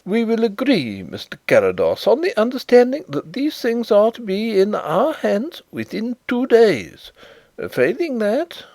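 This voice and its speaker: A man's voice: huge pitch swings, a little slow, a little mellow, no echo, exaggerated voice. A man reading an audiobook, voicing a fretful male bank manager who stammers and frets. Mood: insistent. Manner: agitated, stammering, high-strung.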